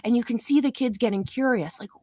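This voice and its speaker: Lively woman host, dry close sound. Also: a little high, fast, dry recording. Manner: animated storyteller, acts out voices. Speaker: show host. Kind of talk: casual chat.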